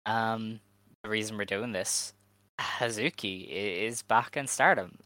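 A man co-hosting a casual podcast chat, speaking in an earnest, measured way. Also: on the low side, bright, forceful tone, dry recording. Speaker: podcast co-host.

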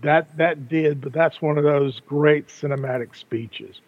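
A man's voice: a little high, fairly even intonation, a little slow, no echo. An older man co-hosting a casual podcast, talking in rambling sentences with frequent restarts and repeated words. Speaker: podcast co-host. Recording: tinny phone-like line, dry.

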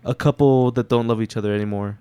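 A man's voice: mid-range voice, steady tone, fast talker, mellow, clean tone, no room sound. A man in a casual movie discussion, laid-back, often saying "dude" and "like".

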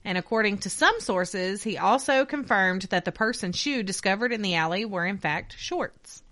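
A woman with a bright, forceful voice reads a crime case aloud for a podcast. Her delivery has a crisp newscaster tone, and she breaks off to swear and laugh with her co-host. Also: mid-range voice, lively intonation, moderate pace. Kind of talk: true crime podcast, reading notes with banter.

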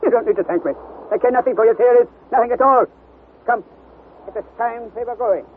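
An actor playing a stubborn older professor leading an expedition, brusque, dismissive and commanding, in a 1960s radio drama. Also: male voice, extremely high pitch, a little fast. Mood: imperious. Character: stubborn, imperious older male professor, the uncle. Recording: tinny, hissy old radio broadcast.

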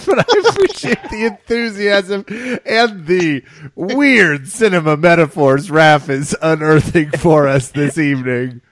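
A man's voice: on the high side, animated, slow pace, a bit bright, no room sound. A man co-hosting a podcast, joking in a dry, sarcastic way. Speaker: podcast co-host. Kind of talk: casual chat.

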